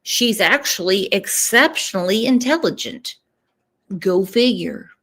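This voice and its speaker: A woman's voice: medium pitch, lively intonation, unhurried, fairly bright tone. A woman giving casual true crime commentary, emphatic and stopping often to ask "okay?". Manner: emphatic, repeats "okay?" for stress.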